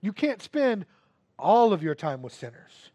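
Male preacher with a high voice, earnest sermon delivery, repeats phrases, drops to hushed asides then builds to loud emphasis, dry close sound. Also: very animated, measured pace, dry recording. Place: church before a congregation.

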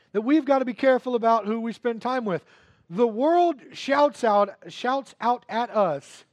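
High-voiced man preaching earnestly. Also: dry recording, studio quality. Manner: earnest, repeats phrases, swings between hushed and loud emphasis. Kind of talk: sermon. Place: church before a congregation.

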